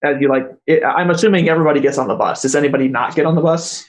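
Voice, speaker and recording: A man's voice: fairly high pitch, racing. A man narrating as game master, hesitant and correcting himself as he goes. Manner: hesitant, many fillers and self-corrections.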